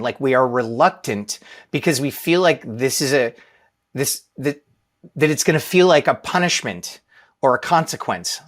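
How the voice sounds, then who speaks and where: A man's voice: medium pitch, a bit bright. Casual man giving a talk. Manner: casual, self-deprecating storytelling with audience questions. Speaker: leadership speaker. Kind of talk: live talk to an audience.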